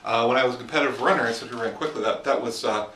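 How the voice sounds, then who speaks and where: A man's voice: mid-range voice, very fast, sharp tone, roomy sound, far from the mic, slight background noise. A man teaching writing in a casual, explanatory monologue while walking outdoors in the woods, filming on a handheld camera. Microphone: handheld camera mic.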